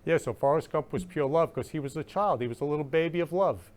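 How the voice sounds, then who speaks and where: A man's voice: on the high side, fast talker, a little mellow. A male talk-show host in live-stream chat, effusive and emotional, repeating loving greetings over and over. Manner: emotional, gushing.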